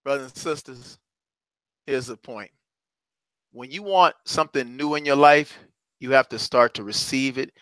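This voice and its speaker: A middle-aged man giving a fiery, preacher-style motivational talk as a courage coach. He swings from loud exhortation to hushed asides. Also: medium pitch, normal speed, pauses often, clean tone, no echo.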